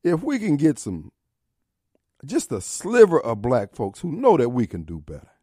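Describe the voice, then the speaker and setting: A man's voice: medium pitch, wildly swooping pitch, normal speed, mellow, husky, no room sound, clean studio sound. A middle-aged man hosting talk radio, ranting in a combative, mocking, preachy way. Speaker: radio talk show host. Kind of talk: opinionated talk radio monologue. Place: radio studio.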